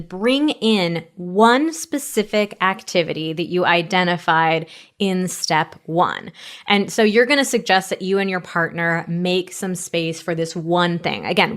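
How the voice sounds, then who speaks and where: Woman therapist explaining practical steps. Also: fairly low pitch. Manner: explanatory, laughs easily. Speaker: sex therapist, podcast co-host. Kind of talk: casual chat, giving advice.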